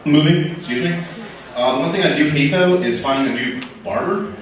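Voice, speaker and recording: A man's voice: on the high side, brisk, slight background noise. A young man doing an open mic stand-up set, telling a rambling, self-deprecating story full of "like". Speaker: stand-up comedian. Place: comedy club stage. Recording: echoey club recorded from far off. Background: audience laughter.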